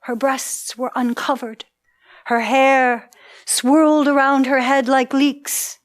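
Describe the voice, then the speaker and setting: A woman's voice: high-pitched, flat delivery, slow pace. A woman telling a myth in a ritual storytelling performance, in a dramatic, incantatory way.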